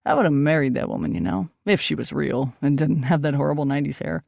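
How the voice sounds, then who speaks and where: A woman's voice: low-pitched, fast, gravelly, a little mellow, no echo, studio quality. A woman reading an audiobook, voicing a joking, eccentric young male ghost hunter with a breezy, teasing manner. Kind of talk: audiobook dialogue.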